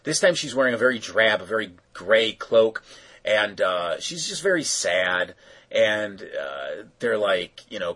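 A man's voice: on the low side, big pitch swings, unhurried, fairly bright tone, slightly rough, poor audio. A man casually recapping a cartoon episode, rambling with lots of fillers. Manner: rambling, filler-heavy storytelling.

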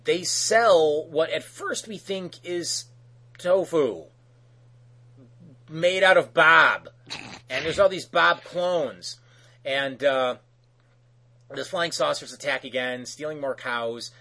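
A man's voice: on the high side, takes it slowly, long pauses, sharp tone. A man casually recapping a cartoon episode as podcast host, rambling with many fillers.

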